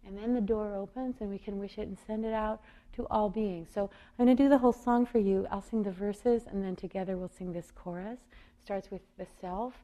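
A woman meditation teacher giving a gentle, reflective talk on loving-kindness practice, thinking aloud as she explains. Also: medium pitch, steady tone, brisk.

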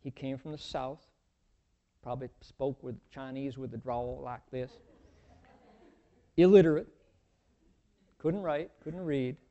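A man's voice: mid-range voice, slow, long pauses, mellow, highs cut off. A man giving a folksy, humorous dharma talk, telling a story with many asides. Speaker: dharma teacher.

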